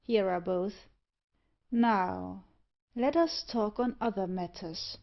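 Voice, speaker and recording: A cold, commanding demonic stranger in a black cloak, voiced by a woman narrating a storybook. He speaks with peremptory scorn at a medium pitch, and the recording sounds a little muffled. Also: takes it slowly, creaky.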